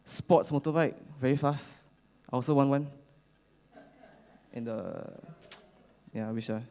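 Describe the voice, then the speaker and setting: Young Singaporean man, mid-pitched, casual rambling church talk full of fillers. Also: darkish tone. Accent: Singaporean English. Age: young adult. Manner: halting, many fillers, chatty with slang particles. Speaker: youth speaker at church. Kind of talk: casual storytelling sermon.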